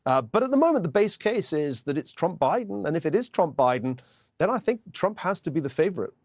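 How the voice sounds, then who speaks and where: A male professor giving measured, analytical political commentary as a guest on a talk show. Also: a little high, very animated, dry recording, clean studio sound. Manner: measured, analytical, hedged judgments.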